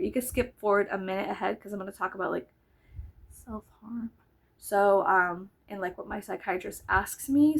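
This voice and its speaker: A woman's voice: mid-range voice, gravelly, rough recording. A woman in her thirties chatting casually in a vlog, rambling with lots of fillers and asides. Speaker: vlogger. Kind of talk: casual chat.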